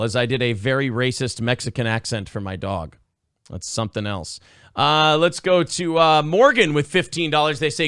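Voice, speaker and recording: Lively profane male stream host. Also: mid-range voice, normal speed, smooth, no room sound, studio quality. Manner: profane, sarcastic, loud outbursts. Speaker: show host. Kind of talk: live-stream talk show chat.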